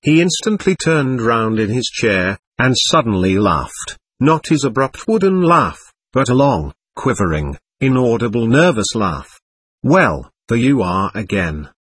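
Male narrator for a classic novel, expressive and dramatic, husky, dry close sound. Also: mid-range voice, a little slow, few pauses, dry recording. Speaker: audiobook narrator. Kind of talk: novel reading.

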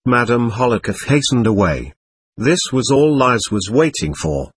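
Man, audiobook narration, expressive, husky, dry close sound. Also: medium pitch, a little slow, no echo. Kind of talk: scripted narration.

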